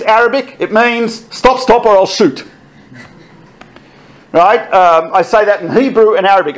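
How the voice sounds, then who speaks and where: A middle-aged man telling army stories to an audience, animated and laughing often as he quotes others. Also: sits high. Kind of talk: storytelling talk.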